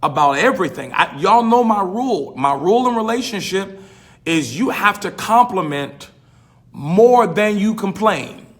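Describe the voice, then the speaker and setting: A man's voice: sits high, animated, normal speed, a bit bright. A man, a pastor hosting his own podcast, talking in an emphatic, repetitive, folksy preaching style.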